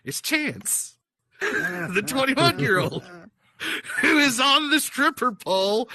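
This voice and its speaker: Bright-voiced man telling a wild story. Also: very high-pitched, moderate pace, no echo. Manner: animated, profane, laughing storyteller. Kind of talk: casual storytelling. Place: virtual-world chat session.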